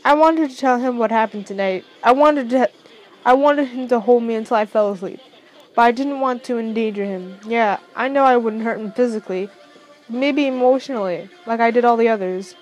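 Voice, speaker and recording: A woman's voice: on the high side, soft background music, poor audio. Stuffy-nosed woman reading fan fiction. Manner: halting reading, stumbles and corrects herself. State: stuffy nose from crying. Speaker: amateur story reader.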